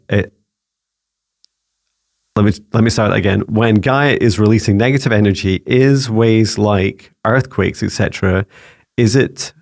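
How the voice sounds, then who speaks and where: A man's voice: lowish voice, vocal fry. A man and psychic mentor answering viewer questions in a rambling, casual way. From Scotland. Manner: warm-hearted, rambling, frequent restarts and fillers.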